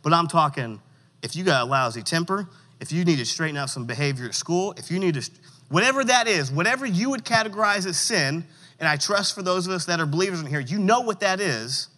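High, bright-voiced preacher in a hall. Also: male voice, lively intonation. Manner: interactive, coaxing audience responses; reads scripture with slow emphasis. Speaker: youth pastor. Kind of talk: sermon. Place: church hall. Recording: long hall reverb.

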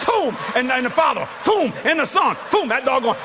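A man who is a traveling evangelist, telling a comic story in a folksy, animated way, laughing and bursting into shouts. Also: very high-pitched, moderate pace, hardly any pauses, over a noisy crowd. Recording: noisy background.

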